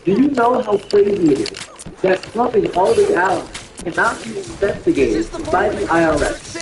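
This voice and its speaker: A man's voice: high voice, sing-song, normal speed. A man streaming live, ranting in outrage and repeating himself as he reacts. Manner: indignant, repetitive, ranting. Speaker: game streamer. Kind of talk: livestream reaction rant. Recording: echoey room with faint music.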